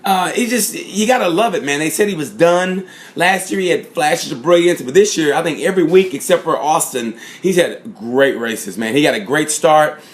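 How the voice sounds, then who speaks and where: A man giving a casual, rambling recap of motorcycle races, full of fillers and shout-outs. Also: a little high, moderate pace. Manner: rambling, lots of fillers and "props". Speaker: motorsport fan reviewer. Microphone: phone or camera mic.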